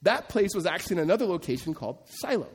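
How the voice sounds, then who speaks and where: A man preaching a sermon as the pastor, animated and conversational, often acting out quotes, recorded in a church sanctuary. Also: sits high, very fast, breathy edge. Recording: long hall reverb.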